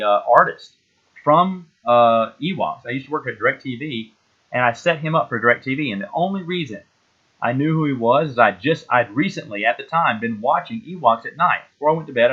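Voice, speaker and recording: Man in his forties, mid-pitched, loose and rambling, slightly muffled lo-fi recording. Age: 40s. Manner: rambling, nostalgic, full of fillers and restarts. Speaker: podcast host. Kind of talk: casual solo chat.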